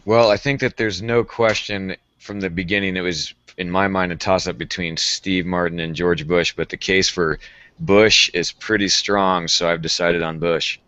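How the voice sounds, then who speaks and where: A man playing a casual online game show, explaining his pick in a measured, mock-formal way. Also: low voice, fairly even intonation, bright, forceful tone, muffled recording. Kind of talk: casual chat.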